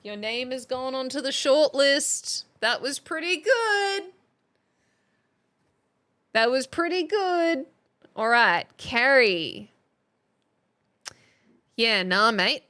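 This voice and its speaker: Woman streamer, young adult, unhurried and fairly high, reads chat aloud with frequent laughs. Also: sing-song, fairly bright tone. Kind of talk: casual live-stream chat.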